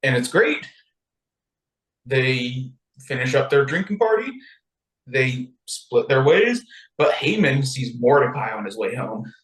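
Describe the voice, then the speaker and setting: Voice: mid-range voice, very animated, slow pace, echoey room, low-quality recording. A podcast co-host retelling a text in a playful, chatty way and laughing often. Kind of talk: casual chat, retelling a text.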